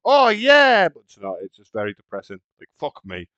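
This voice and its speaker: Bright-toned man on a muffled mic. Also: low voice, fast, dry recording. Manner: crude, self-mocking, cheeky. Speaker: podcast co-host. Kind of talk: casual chat.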